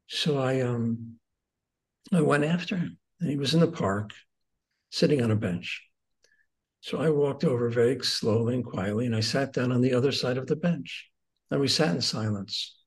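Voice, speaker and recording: Earnest and conversational, a guest teacher in his sixties relates stories from his life at medium pitch. His voice moves from excitement down to a hush and back.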